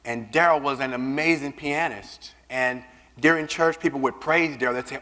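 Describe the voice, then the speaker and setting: A man giving a keynote speech, telling personal stories in an animated way and acting out the voices of the people he quotes. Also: a little high, moderate pace. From Southern United States. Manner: animated, acts out quoted voices, repeats words when starting a line. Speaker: keynote speaker. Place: large conference hall. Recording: reverberant hall.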